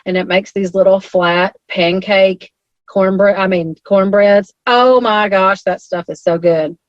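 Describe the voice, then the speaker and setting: A woman with an Alabama accent, co-hosting a podcast with an animated, enthusiastic way of telling stories. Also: medium pitch, a little slow, dry recording. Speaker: podcast co-host. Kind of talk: casual chat. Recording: dry, slightly dull sound.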